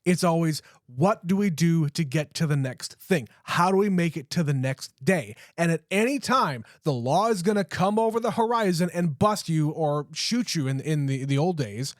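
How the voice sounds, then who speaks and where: Male co-host with a slightly high voice, casual chat; dry close sound. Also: expressive, normal speed, hardly any pauses, no room sound. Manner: conversational, swears casually, acts out quotes. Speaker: podcast co-host.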